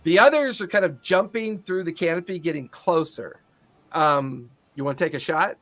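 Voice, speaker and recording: A man's voice: fairly high pitch, normal speed, a bit bright. A man narrating a tabletop game as game master, loose and laughing often.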